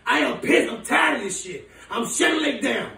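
A man playing a furious, foul-mouthed woman who runs a big city, ranting in shouts and laughter. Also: very high-pitched, animated, moderate pace, vocal fry, heavily acted. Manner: shouting, profane, laughing rants. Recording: echoey room, voice from far off.

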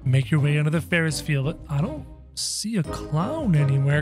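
A man giving playful, animated gameplay commentary in character as the game hero, breaking into sudden yelps and shouts. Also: on the high side, normal speed. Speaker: gaming video creator. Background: game music.

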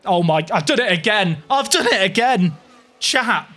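A young man giving live, excitable commentary to his viewers while playing a game, dramatic and self-mocking. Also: high-pitched, moderate pace. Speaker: game streamer.

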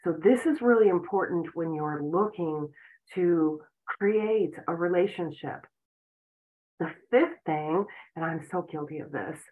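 A woman giving an earnest self-help talk as a relationship and spiritual coach, explaining points with frequent "you know"s. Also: on the low side. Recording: tinny phone-like audio.

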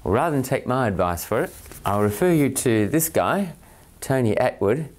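A man's voice: mid-range voice, animated, moderate pace. A man with an Australian accent, a parent presenting a scripted talk in an earnest, methodical way, counting off his points by number. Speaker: parent and autism training promoter.

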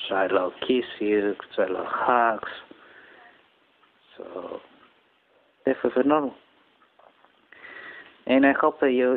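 A man from Japan, rambling through a personal story in halting English with many restarts. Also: medium pitch, creaky. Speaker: channel host. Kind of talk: casual personal monologue. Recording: tinny phone-quality audio with faint noise.

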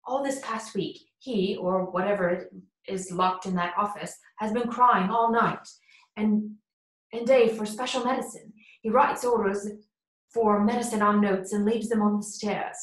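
A woman's voice: mid-range voice, fairly even intonation, a little slow, close to an everyday voice. Brief: woman reading a fearful male butler, pleading, audiobook, echoey room. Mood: worried. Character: loyal, frightened older male butler. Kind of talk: audiobook character voice. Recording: roomy echo.

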